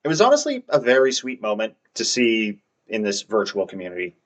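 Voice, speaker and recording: A man's voice: fairly low pitch, huge pitch swings, a little fast. Wry self-mocking male game narrator. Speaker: let's play narrator.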